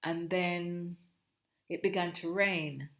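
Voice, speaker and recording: A middle-aged woman from Jamaica, telling her own story as an interview guest in a reflective, halting way, often breaking off and restarting. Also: fairly low pitch, steady tone, a bit bright. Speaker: guest, host's mother. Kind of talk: personal storytelling.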